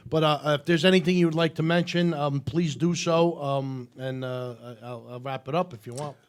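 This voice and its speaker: Male talk show host, slightly higher pitch, rambling storyteller, casual chat, lots of um and uh. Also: fairly even intonation, normal speed, smooth. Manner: rambling, many fillers and restarts.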